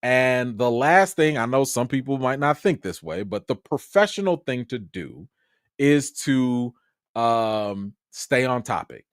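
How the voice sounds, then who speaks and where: Animated man telling a livestream story. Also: a little slow, creaky, clean tone, dry recording, studio quality. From Chicago. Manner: animated and excitable, with sudden jumps in pitch. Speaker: film critic and livestream host.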